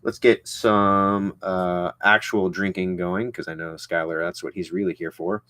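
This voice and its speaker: A man's voice: sits low, fairly even intonation, measured pace, few pauses, pushed and bright, no echo. A young man chatting casually as he unboxes and tastes a whisky, rambling with lots of fillers and restarts. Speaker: vlogger reviewing whisky.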